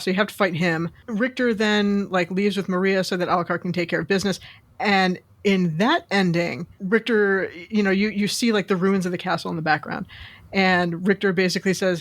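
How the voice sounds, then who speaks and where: A woman's voice: medium pitch, normal speed, dry recording. A woman co-hosting a podcast, casually recounting a video game's ending and acting out the characters' lines as she goes. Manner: rambling storyteller, acts out characters' lines. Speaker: podcast co-host. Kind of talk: casual chat, retelling game plot.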